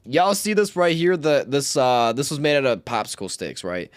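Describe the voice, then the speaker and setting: A man's voice: mid-range voice, expressive, normal speed, no echo. A young man streaming live, telling rambling, slangy stories and swearing often. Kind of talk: casual storytelling on a livestream.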